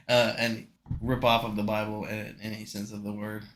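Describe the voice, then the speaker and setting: A man's voice: on the low side, monotone, moderate pace, fairly bright tone. A young man co-hosting a podcast in casual chat, joking and rambling, laughing often. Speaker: podcast co-host.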